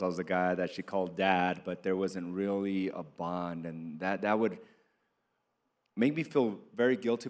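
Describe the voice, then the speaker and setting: Male panelist, lower pitch, thoughtful and halting delivery. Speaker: panel speaker. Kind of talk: reflective panel talk.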